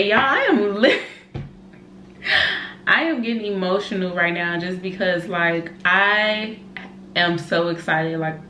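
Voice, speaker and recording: A young mother of an infant vlogs from indoors at home, chatting eagerly to her camera and calling her audience y'all, her voice pitched on the low side. The camera sits nearby and gets moved while she talks, and the roomy space carries faint background noise.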